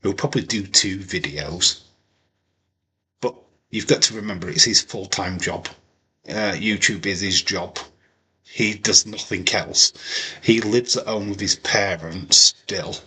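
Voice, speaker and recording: A man's voice: sits low, unhurried, pushed and bright, slightly rough. A man hosting a casual watch-along stream, joking and chatting about the wrestling as it plays. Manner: joking, chatty, often breaks into impressions. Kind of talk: casual live commentary over a wrestling show.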